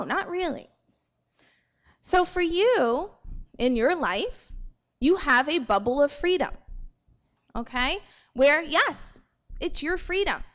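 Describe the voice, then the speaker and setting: High-voiced woman addressing a school assembly. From New York. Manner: animated, keeps asking "okay?" and "right?". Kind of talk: morning assembly talk to students.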